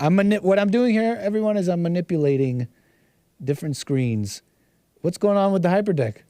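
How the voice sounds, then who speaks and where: A man's voice: sits high, normal speed, warm tone, no echo, clean studio sound. A man hosting a livestream, reacting to videos with rambling, repetitive, mocking commentary. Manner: rambling, repeats himself, mocking asides. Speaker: livestream host.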